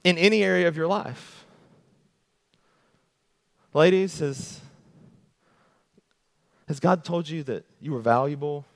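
A male pastor preaching an animated sermon, repeating rhetorical questions to the congregation. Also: on the high side, slow pace, vocal fry, long pauses. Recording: long hall reverb.

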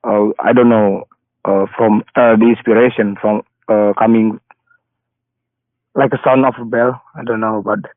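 A man calling in to a religious debate, speaking hesitantly with frequent stammers and pauses. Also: on the low side, steady tone, no echo. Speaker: caller. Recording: dry phone line.

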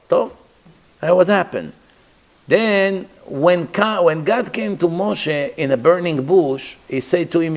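A man teaching a religious lesson, telling stories in an animated way with simple, plain phrasing. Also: a little high, slow. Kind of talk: sermon-style teaching.

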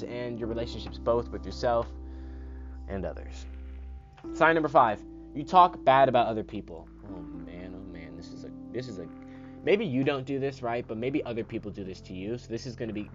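With a medium pitch and a fairly bright tone, a male podcast host gives an emphatic, casual pep talk, occasionally swearing and punctuating points with "right?" The recording is muffled and lo-fi, with guitar music in the background.

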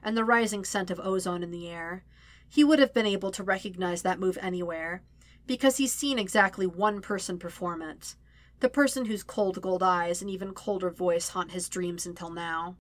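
A woman reading a story aloud as narrator, with steady, even storytelling. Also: lowish voice, normal speed. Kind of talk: audiobook-style fan fiction reading.

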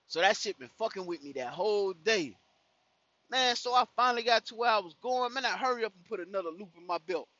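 Animated high-voiced man telling a story. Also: fast talker, no echo, lo-fi sound. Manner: animated, profane, full of "you know what I'm saying" fillers. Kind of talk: casual storytelling while driving. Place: in a car.

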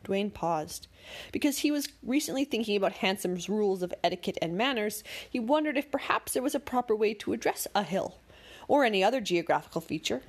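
A woman narrating a bedtime story in a calm, gentle, measured way. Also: mid-range voice.

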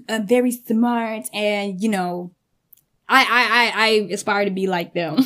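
Casting: chatty woman vlogger, higher-pitched, laughs a lot, loose swearing. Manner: animated, laughs often, swears casually. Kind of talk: casual storytelling chat.

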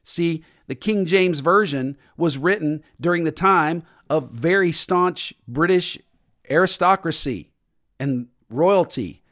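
A man's voice: a little high, fairly bright tone. A man preaching a sermon as pastor, emphatic and repetitive, sometimes mimicking stiff formal prayers.

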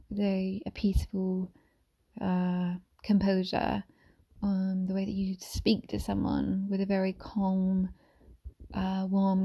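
Mom doing soft asmr-style talk, gentle and half whispered, gravelly fry in her voice, rambles a bit with ums. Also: medium pitch. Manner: meandering, with many fillers and restarts. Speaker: mother sharing reflections.

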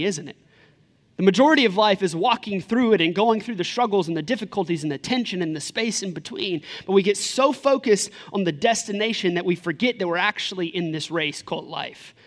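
High-voiced man preaching a sermon. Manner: animated, conversational preaching with laughs and rhetorical questions. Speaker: pastor.

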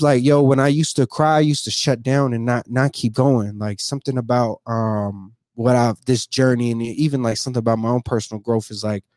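Man, vlogger, raw emotional monologue, street slang, heavy swearing, mid pitch, dry recording. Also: a little mellow, dry recording. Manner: casual slangy, heavy cursing, repeats himself. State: emotional, near tears. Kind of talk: emotional personal vlog monologue.

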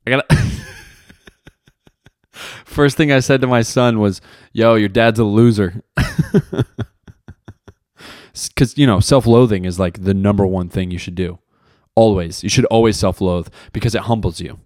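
A man's voice: on the low side, moderate pace, pauses often, darkish tone, no echo, clean studio sound. A young man hosting a solo podcast, talking in a rambling, profane, self-mocking way. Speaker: podcast host. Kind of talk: casual solo podcast monologue.

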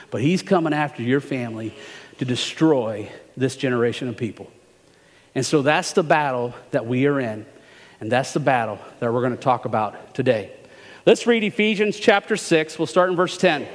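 A man's voice: medium pitch, in a large hall. A man preaching a sermon as a guest speaker, chatty and joking, asking the congregation questions before reading scripture. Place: church sanctuary.

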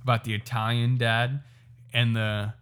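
A man co-hosting a casual chat, loud and laid-back, saying "dude" a lot. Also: medium pitch, little pitch movement, unhurried, smooth.

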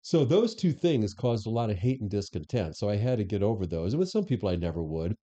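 A former police chief as a podcast guest, telling stories in casual conversation with frequent restarts. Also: male voice, fairly low pitch, quick pace. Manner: animated storyteller who acts out quoted dialogue, frequent restarts. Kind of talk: casual interview storytelling.

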